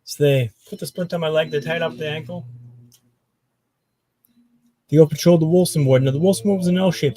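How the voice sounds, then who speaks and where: A man's voice: fairly high pitch, quick pace, dark tone. A man, a podcast guest and keynote speaker, telling a dramatic personal story in short punchy phrases with dry humor over a video call.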